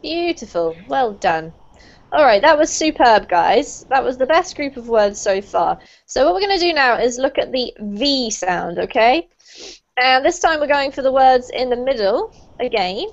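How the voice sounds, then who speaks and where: A woman teaching a live online pronunciation class, praising students warmly and laughing often. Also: big pitch swings, normal speed. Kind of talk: live online group lesson. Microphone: video call. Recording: dull low-fidelity video call audio.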